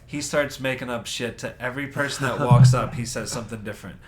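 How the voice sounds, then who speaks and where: A man's voice: medium pitch, fast talker, noisy background. Man telling a story on a podcast. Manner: profane, acts out other people's lines. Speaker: podcast co-host. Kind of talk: casual storytelling.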